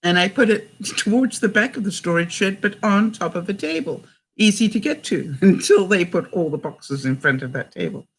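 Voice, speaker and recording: An older woman from Canada talks straight to her viewers in a relaxed, chatty way. Her pitch rises and falls a lot as she goes. She often laughs between lines and reads out old sayings. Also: moderate pace, slightly rough. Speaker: vlogger. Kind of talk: casual chat to viewers.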